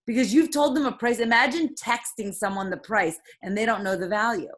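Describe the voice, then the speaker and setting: A woman leading a motivational team call, talking in an emphatic, heated way with quick rhetorical questions. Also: on the high side. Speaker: team leader coaching her sales team.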